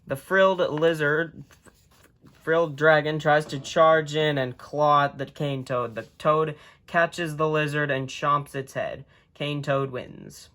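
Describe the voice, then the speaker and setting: A man's voice: on the high side, steady tone, slow, a bit bright. A man hosting a video, reading a children's book aloud in a casual way, often tripping over words and chuckling as he goes, recorded on a phone.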